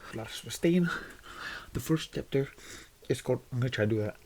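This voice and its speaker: A man chatting casually to his YouTube audience in a soft-spoken, rambling, self-deprecating way. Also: medium pitch, lively intonation, quick pace. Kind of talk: casual vlog chat.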